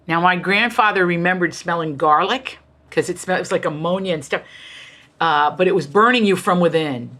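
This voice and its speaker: Passionate, bright-voiced woman storyteller. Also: fairly low pitch, fairly quick. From United States. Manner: passionate, emphatic, jumps into quoted voices. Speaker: author and guest. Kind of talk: animated conversational storytelling.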